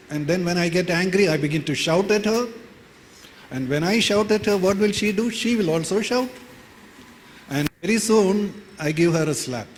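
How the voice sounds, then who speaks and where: A man's voice: sits high, normal speed. A man with an Indian English accent, giving a sermon in a church hall in a plain, conversational way and repeating key phrases. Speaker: preacher. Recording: reverberant hall with faint noise.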